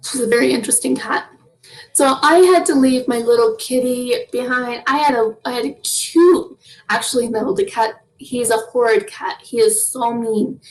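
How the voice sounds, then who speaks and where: A woman's voice: fairly high pitch, fairly even intonation, moderate pace, far from the mic, low-quality recording. A young woman chatting as an interview guest, laughing often between her phrases. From Canada. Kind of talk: casual interview chat.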